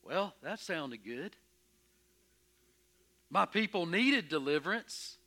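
A man playing Moses in a dramatic first-person sermon, telling his story with emphatic, expressive energy and stammering when anxious. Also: a little high, slow, heavily acted. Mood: earnest. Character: Moses, earnest, stubborn, curious shepherd. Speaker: preacher in character.

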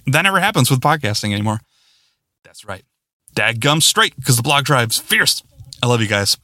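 Excitable male podcast host, lively pitch, dry close-mic sound, rambling and self-deprecating. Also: no room sound. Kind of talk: casual solo podcast sign-off.

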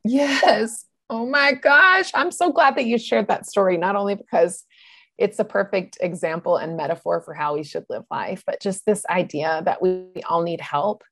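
A woman host responds in a warm, affirming and reflective way. Her voice sits a little low, and the sound is dry and close, with no room echo. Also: normal speed, faint music behind. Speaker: podcast host. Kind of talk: casual conversational talk.

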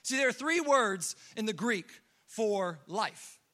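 Bright-voiced young male preacher. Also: high voice, slow. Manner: animated storytelling, acts out quotes, casual fillers. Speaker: pastor. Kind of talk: sermon.

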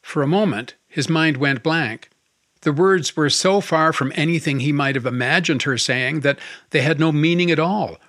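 A man narrating an audiobook in a calm, steady storytelling manner. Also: fairly high pitch, normal speed, no echo, studio quality.

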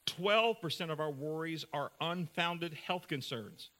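A man preaching a sermon as pastor, earnest, moving between brisk talk and slow, soft passages. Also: fairly high pitch, lively intonation.

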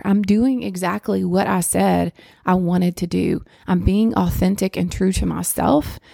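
Woman in her thirties, podcast host, candid rambling talk, very gravelly voice, dry sound. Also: on the low side, no echo. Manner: candid, rambling, with restarts and soft laughs. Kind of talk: personal reflective monologue. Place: home.

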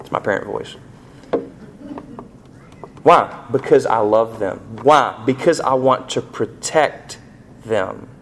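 A middle-aged man preaching a sermon, asking the congregation rhetorical questions and rising sharply in pitch and volume on emphatic points. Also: slow pace, creaky, long pauses, a little hiss or hum. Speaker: pastor.

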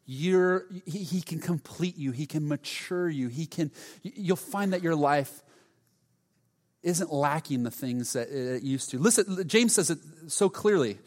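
A middle-aged male pastor preaching a sermon, telling stories with sudden loud outbursts. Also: a little high, animated, unhurried. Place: church sanctuary. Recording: long hall reverb.

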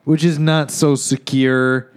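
A man's voice: mid-range voice, level tone, slow, smooth. A man cohosting a podcast, riffing in profane, rambling comedic banter. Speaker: podcast host.

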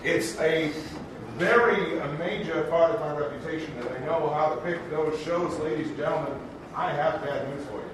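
A man's voice: fairly high pitch, moderate pace, natural voice. A man playing an aging, showy, forgetful Broadway producer who emcees a live improvised stage comedy with grandiose showman patter. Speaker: show's emcee character. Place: theater stage. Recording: echoey theater recorded from far off, noisy.

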